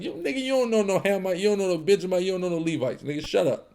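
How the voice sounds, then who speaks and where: A man's voice: sits high, racing, creaky, a little mellow. Slangy man trash-talking his chat. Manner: slangy, laughs often, trash-talks chatters. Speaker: co-host reading viewer comments. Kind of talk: livestream Bible class discussion.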